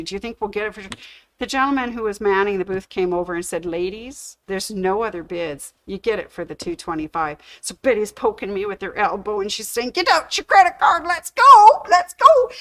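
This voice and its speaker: A middle-aged woman, chatting on her livestream and telling a long, animated story with quick shifts into other people's voices. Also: medium pitch, poor audio. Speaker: sewing shop livestream host.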